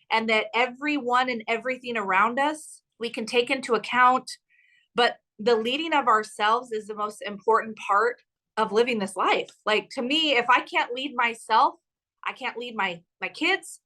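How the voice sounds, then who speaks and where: A woman co-host with a fairly high, bright, forceful voice. She speaks with fervent, motivational emphasis in a casual podcast chat. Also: low-quality recording.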